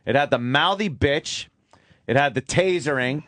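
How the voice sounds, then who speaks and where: A man's voice: a little high, moderate pace, fairly bright tone, no room sound. A man who is a regular on a radio talk show, reacting with crude banter in casual chat.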